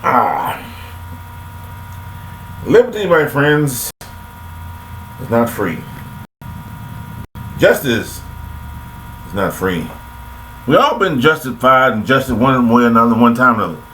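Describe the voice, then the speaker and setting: A man's voice: mid-range voice, very animated, slow, pauses often, fairly bright tone, a little hiss or hum, poor audio. An older man delivering a rambling, folksy philosophical monologue to listeners, recorded on a laptop webcam. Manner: folksy and preachy, addresses listeners directly. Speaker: vlogger.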